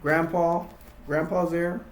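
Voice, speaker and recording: A man's voice: a little high, level tone, slow, roomy sound. A man casually retelling a horror film scene by scene, rambling with restarts and acting out quotes in a raised voice. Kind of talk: casual acted-out retelling with toys.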